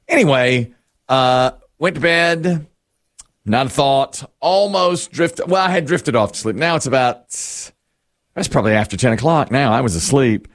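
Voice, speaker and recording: A middle-aged man chatting casually on a talk show, rambling through a self-deprecating story about his family. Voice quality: animated, lively pitch swings. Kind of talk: casual morning-show chat.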